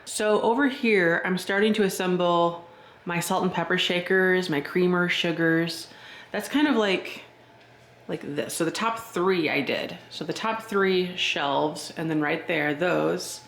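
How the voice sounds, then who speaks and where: A man touring his vintage shop on a casual vlog, thinking out loud and chuckling as he goes, recorded on a handheld camera and later a phone. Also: high-pitched, a little slow, creaky. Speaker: shop owner and vlogger. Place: indoor vintage shop room. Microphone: handheld camera, then phone.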